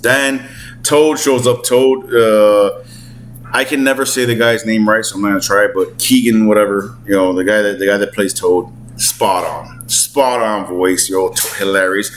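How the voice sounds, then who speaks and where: A man in his forties giving excitable, slangy gaming commentary at home, swearing and acting out character voices. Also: lowish voice, unhurried, slight background noise, poor audio. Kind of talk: casual commentary. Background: clothes dryer running.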